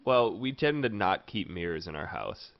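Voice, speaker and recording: A man's voice: sits low, very animated, moderate pace, gravelly, dry recording. A man hosting a podcast in casual chat, teasing his guests and laughing often. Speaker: podcast host. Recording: dull lo-fi dry sound.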